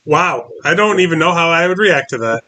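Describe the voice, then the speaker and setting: A man's voice: on the high side, lively intonation, brisk, sharp tone, slight background noise. A man hosting a casual interview, talking in a laid-back way with lots of filler words. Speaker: host.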